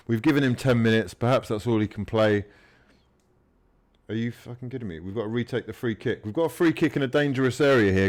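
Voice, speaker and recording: Excitable man shouting at a football match. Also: lowish voice. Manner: animated, swears, shouts at players, then mutters apologies. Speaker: fan channel host. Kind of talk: live fan watchalong commentary.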